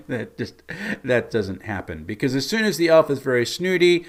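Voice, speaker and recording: Man, game master, chatty recap of a campaign, amused, mid-pitched voice. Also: very animated, normal speed. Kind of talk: recounting a tabletop game session.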